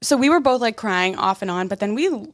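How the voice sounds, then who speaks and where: A woman's voice: medium pitch, lively intonation, brisk, no room sound. A young woman co-hosting a casual podcast, retelling events in a loose way full of fillers. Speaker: podcast co-host. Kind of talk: casual chat.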